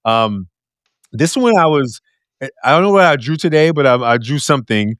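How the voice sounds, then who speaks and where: A man hosting a podcast interview with a loud, deep, projecting voice, talking in an animated, expressive way and laughing often. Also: moderate pace, no room sound, studio quality. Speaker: podcast host. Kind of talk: casual conversational interview.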